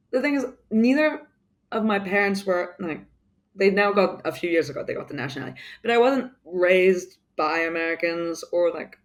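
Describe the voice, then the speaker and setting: Woman, mixed English accent, interview guest, casual, rambling, frequent fillers, mid pitch. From United Kingdom. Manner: rambling, many fillers and restarts. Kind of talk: casual conversation.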